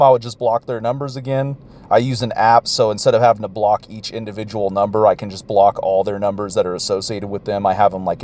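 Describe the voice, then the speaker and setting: A man's voice: medium pitch, warm tone. Profane ranting man. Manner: profane and rambling. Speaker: vlogger. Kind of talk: ranting recount.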